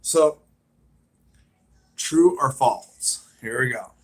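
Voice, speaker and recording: A man's voice: medium pitch, animated, very slow. A man hosting a live stream, chatting casually and rambling as he retells scenes with lots of fillers.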